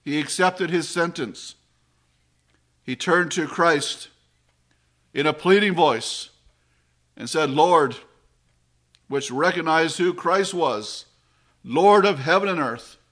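A man preaching a sermon in a slow, measured way, his voice dropping low and soft on solemn phrases.

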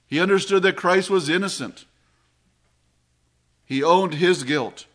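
A man preaching a sermon in a slow, measured way, his voice dropping low and soft on solemn phrases.

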